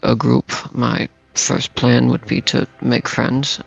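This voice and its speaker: A man's voice: mid-range voice, little pitch movement, takes it slowly, gravelly, dull audio. A man playing a bard in a tabletop role-playing game, joking and boastful. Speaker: player. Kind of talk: casual tabletop role-play.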